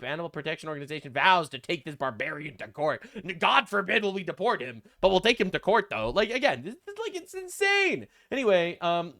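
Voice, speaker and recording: Animated young man with mocking sarcasm. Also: fairly high pitch. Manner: sarcastic, crude mocking jokes. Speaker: commentary host. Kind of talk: reaction commentary.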